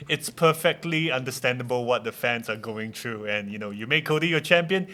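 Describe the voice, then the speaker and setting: A man's voice: mid-range voice, brisk, sharp tone. A man talking as a podcast guest, giving blunt, wry opinions. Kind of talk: casual podcast chat.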